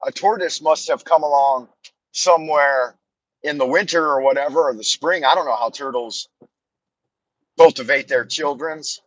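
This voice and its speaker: A man's voice: on the high side, moderate pace, no echo, poor audio. A man rambling and telling stories on a live stream from his car while driving, with a meandering, self-deprecating, joking manner. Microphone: phone on a camera mount.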